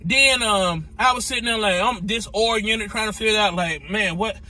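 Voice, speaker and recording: Bright, animated trucker telling a story. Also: male voice, high-pitched, normal speed. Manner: animated, repetitive, exclamatory. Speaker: owner-operator truck driver. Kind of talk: casual storytelling vlog.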